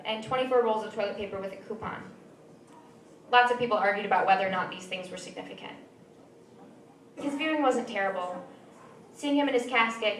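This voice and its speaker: Young woman, author reading her own prose live; measured and dry; distant mic in a roomy venue with faint ambience. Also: fairly high pitch, a bit bright, slight background noise. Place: small venue.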